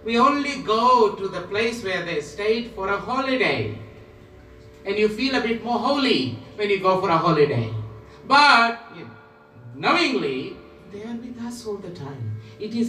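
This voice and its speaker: High-voiced man giving a slow spiritual talk. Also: big pitch swings, pushed and bright, faint music behind. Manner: slow, repetitive, emphatic phrasing. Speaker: guru. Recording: roomy echo, voice from a distance.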